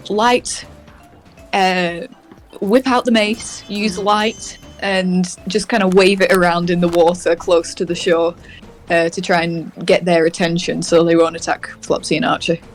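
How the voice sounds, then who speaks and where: A woman's voice: lowish voice, steady tone, faint music behind. A woman playing in a tabletop game, thinking aloud as she decides her turn. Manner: slow, musing, thinking aloud. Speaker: player.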